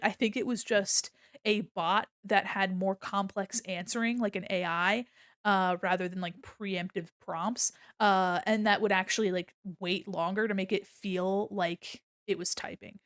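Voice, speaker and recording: A woman streamer with a mid-range voice chats casually with her viewers at a moderate pace, swearing a lot as she tells stories and animatedly acts out quotes. The studio sound is clean, with no room sound.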